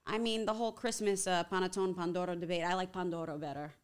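A woman's voice: lowish voice, fast, smooth. Chatty woman with a Long Island accent. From Long Island, New York. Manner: animated, chatty, laughs easily. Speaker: podcast guest, TV reporter. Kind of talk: casual chat.

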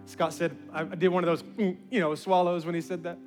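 Guy pastor telling a story at church, high voice, talks quick, soft music behind. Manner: animated, acts out quoted voices. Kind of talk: sermon storytelling.

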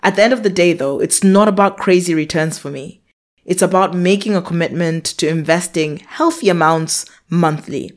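A woman's voice: fairly low pitch, moderate pace. A woman in her thirties hosting a finance podcast, talking through calculations step by step in an upbeat, explanatory way. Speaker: podcast host. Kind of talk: scripted finance podcast monologue.

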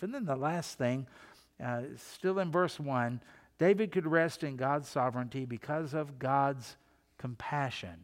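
Older pastor preaching in a reverberant hall. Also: male voice, a little high. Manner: conversational preaching with earnest, rising emphasis. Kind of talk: sermon. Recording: long reverb of a church hall.

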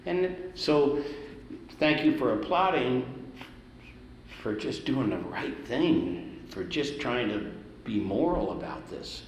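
An older man who composes music, telling lively anecdotes to an audience and jumping up in pitch to stress a point. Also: slow pace, echoey room, long reverb tail, slight background noise, poor audio. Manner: animated anecdotes, swings up in pitch for emphasis. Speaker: composer, speaker at an event. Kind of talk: storytelling to an audience.

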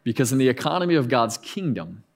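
A man's voice: mid-range voice, sing-song, quick pace, gravelly. A man in his thirties, a pastor preaching a conversational sermon with frequent asides and restarts.

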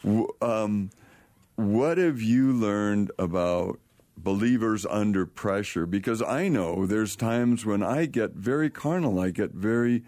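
A middle-aged man with a very deep voice hosts a relaxed interview as a pastor, talking conversationally and steering the talk with questions. The recording is dry and close. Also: takes it slowly, no room sound.

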